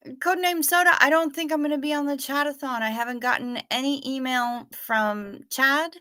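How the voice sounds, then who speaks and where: A woman's voice: high voice, moderate pace, pushed and bright. A woman hosting a casual livestream, greeting viewers by name and chatting in a profane, effusive way. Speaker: livestream host. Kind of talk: casual livestream chat reading viewer comments.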